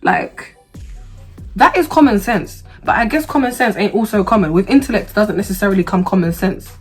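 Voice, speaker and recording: Woman vlogger, casual storyteller, mid pitch, slangy and heated, faint music bed. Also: brisk. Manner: animated, humorous, slangy, turns heated when reliving anger.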